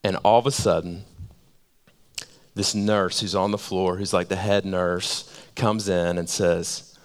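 A male pastor preaching a sermon in a conversational way, repeating phrases for emphasis and dropping to a hush. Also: low voice, steady tone, unhurried, clean tone. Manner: conversational, repeats phrases for emphasis, swings between loud and hushed.

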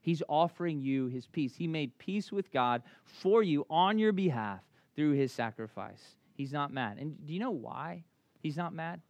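A man preaching a sermon as a pastor, telling stories conversationally and swinging between loud bursts and hushed lines. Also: a little high, animated, unhurried, no echo.

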